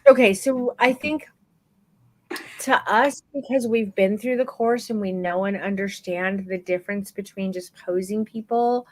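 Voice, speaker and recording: A woman's voice: medium pitch, no room sound, low-quality recording. Encouraging woman teaching a live class. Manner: warm encouraging, calls people baby. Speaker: photography course instructor. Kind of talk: live online class roundtable.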